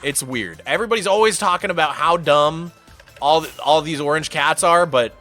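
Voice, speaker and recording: A male streamer chatting casually with his viewers, rambling through stories in an animated way and saying "dude" and "man" a lot. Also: a little high, normal speed, soft background music.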